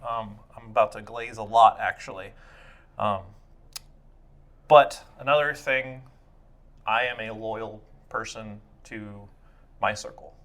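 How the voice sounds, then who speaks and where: A man's voice: on the low side, steady tone, slow, pauses often, a bit bright. A man co-hosting a comedy podcast, leading the segments with blunt, crude jokes. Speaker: podcast co-host. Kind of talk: casual podcast banter.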